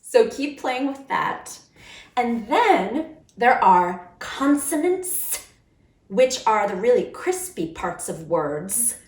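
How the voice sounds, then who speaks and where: A woman's voice: mid-range voice, animated, slow, roomy sound. A woman teaching puppet-making to children, playfully demonstrating different voices as she explains. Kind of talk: instructional video for kids.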